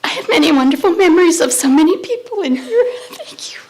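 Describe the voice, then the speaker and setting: A woman's voice: extremely high pitch, lively intonation, fast talker, low-quality recording. An older woman giving an emotional, self-deprecating farewell speech as she retires, thanking her colleagues. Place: board meeting room with audience.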